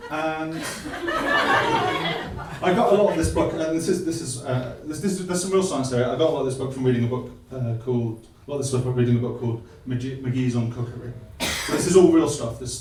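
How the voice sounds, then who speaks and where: A man giving a light-hearted science talk on stage, self-deprecating and halting, full of restarts. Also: mid-range voice, dark tone. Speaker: guest speaker. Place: live comedy venue. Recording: echoey hall from far off.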